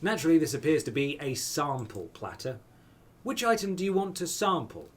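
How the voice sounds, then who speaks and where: Man, game streamer, lively pitch, slightly high voice, wry, reading game text. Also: moderate pace. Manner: playful, wry asides. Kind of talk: reading a dating sim aloud with commentary.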